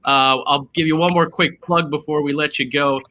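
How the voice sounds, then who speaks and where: A man's voice: a little high, fairly even intonation, normal speed, sharp tone. A man hosting a casual online drinking show over a video call, upbeat and chatty with lots of fillers. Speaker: show host.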